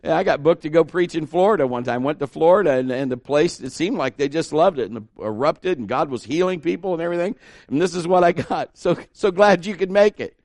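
Man, middle-aged, preaching, slightly high voice, dry close sound, loud then hushed. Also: a little fast, no echo. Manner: animated, acts out dialogue, shifts between loud and hushed. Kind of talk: sermon storytelling.

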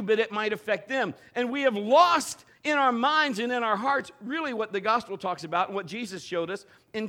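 A middle-aged man, a pastor, giving a humorous sermon full of stories and acted-out quotes. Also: high voice. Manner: storytelling with acted quotes, animated and joking.

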